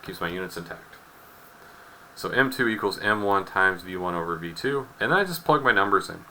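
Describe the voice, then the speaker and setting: Wry deep-voiced man teaching chemistry. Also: animated, a little fast, pushed and bright, slight background noise, poor audio. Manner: wry storytelling, acts out students' voices. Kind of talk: recorded chemistry lesson with anecdote.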